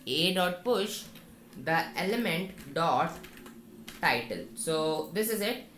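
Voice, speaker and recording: Slow, low-voiced woman coding tutor. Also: lively intonation, fairly bright tone. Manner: thinks aloud, talks viewers through the code step by step. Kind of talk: screen-recorded coding tutorial. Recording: echoey room with faint noise and keyboard typing.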